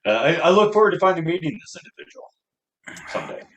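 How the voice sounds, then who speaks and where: A man co-hosting a casual, boozy podcast, laid-back and agreeable, dropping deadpan quips. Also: a little high, quick pace, low-quality recording. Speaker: podcast co-host. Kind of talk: casual drunk banter.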